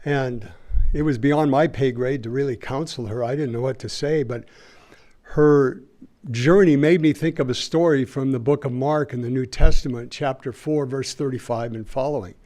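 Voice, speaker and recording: A man's voice: mid-range voice, moderate pace, warm tone. A man speaking at a city board meeting's public input, earnestly telling a Bible story and acting out its dialogue at a podium microphone. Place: city council chamber.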